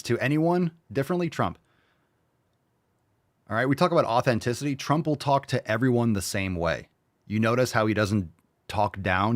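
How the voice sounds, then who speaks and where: A man's voice: on the low side, dry recording. A man hosting a reaction show, ranting bluntly and mockingly with lots of swearing. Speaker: host reacting to videos.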